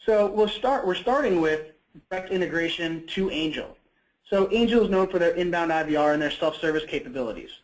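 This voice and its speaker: A man's voice: fairly high pitch, lively intonation, fairly quick, low-quality recording. Man giving a conversational webinar talk. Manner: conversational, frequent "you know" and self-corrections. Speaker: product presenter. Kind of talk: webinar presentation.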